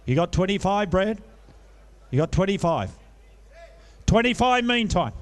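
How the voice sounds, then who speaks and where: Male auctioneer, high-pitched and crisp, fast bid chant with salesman coaxing. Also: sing-song. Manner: rapid-fire bid chant mixed with coaxing sales patter. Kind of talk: live auction calling.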